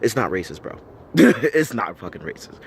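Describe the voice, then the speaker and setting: Fairly low-pitched and sing-song with vocal fry, an American vlogger speaks at a moderate pace in a blunt, heavily profane rant to camera. He argues, asks rhetorical question after rhetorical question and repeats himself for emphasis, against slight background noise.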